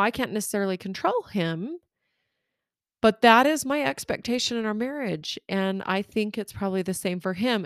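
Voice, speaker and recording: Expressive woman coaching listeners, dry sound. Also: mid-range voice, dry recording. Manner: expressive, candid storytelling with direct address to listeners. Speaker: life coach and podcast host. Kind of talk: conversational advice podcast.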